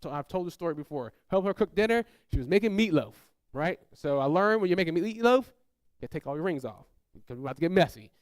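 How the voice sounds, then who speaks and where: High-voiced animated preacher man. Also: fast talker, dry recording, clean studio sound. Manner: animated, acts out family quotes in raised voices; addresses congregation, asks them to call out. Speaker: pastor. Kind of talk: sermon storytelling.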